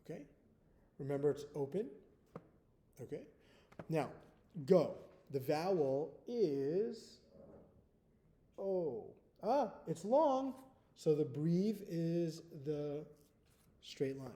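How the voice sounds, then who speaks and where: Man, first-grade teacher, slow and patient, slightly high mellow voice, checks in with okay often. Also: big pitch swings. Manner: patient, slow, repeats "okay?" after each step. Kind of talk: giving a recorded spelling test to young children.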